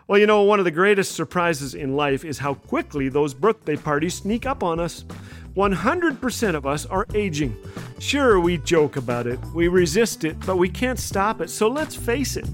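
Lively high-voiced man telling funny stories. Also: moderate pace, faint music behind. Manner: animated, voices kids' lines higher. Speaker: radio host. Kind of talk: humorous storytelling.

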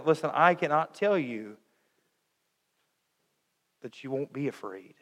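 A middle-aged man preaching a sermon, swinging between loud urging and hushed, tender lines. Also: on the high side, animated, slow, long pauses. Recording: long hall reverb.

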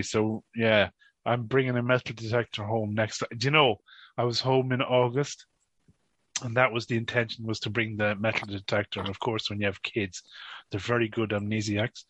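A man's voice: mid-range voice, fairly bright tone, no room sound. A man with an Irish accent, a podcast guest chatting casually and telling rambling stories with frequent laughter. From northwest Ireland. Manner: rambling storyteller, laughs often. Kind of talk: casual chat. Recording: dull, dry lo-fi sound.

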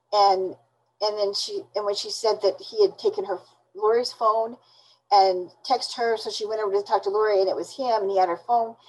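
A woman being interviewed, recounting events in a halting, indignant way with many restarts. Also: medium pitch, a little mellow, husky, low-quality recording. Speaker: interview guest.

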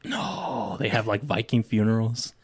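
A man's voice: mid-range voice, animated, normal speed. A man co-hosting a casual podcast, laid-back and laughing often, with lots of "like" fillers. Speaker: podcast co-host. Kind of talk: casual chat.

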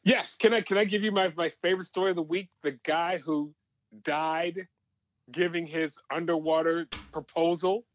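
Brief: male podcast guest, slightly high voice, dry close sound. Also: fairly even intonation, normal speed, dry recording, highs cut off. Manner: chatty, eager to share stories. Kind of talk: casual podcast chat.

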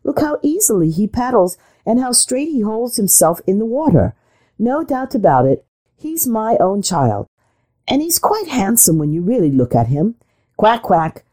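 A woman's voice: a little high, big pitch swings, moderate pace, mellow. A woman voicing a fretful, proud mother duck. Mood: coaxing. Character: fussy impatient mother duck. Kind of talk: storybook reading.

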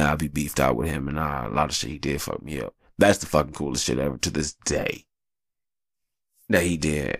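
Deep raspy-edged dude in his 30s ranting about his kids, cussing a lot, lots of ups and downs in his voice, dry sound. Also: no room sound. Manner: animated, profane, slangy storytelling. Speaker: father telling a story. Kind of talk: casual storytelling to camera.

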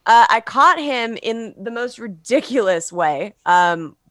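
A woman's voice: a little high, animated, slow pace, fairly bright tone, no echo. A woman from Los Angeles, a guest author on a casual podcast, chatty and candid, swearing and laughing often. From Los Angeles, USA.

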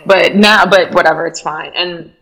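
A woman's voice: on the low side, normal speed, gravelly, low-quality recording. A young woman with a Miami accent, a podcast guest telling stories animatedly and acting out other people's voices. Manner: animated storyteller who mimics voices. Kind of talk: casual podcast chat.

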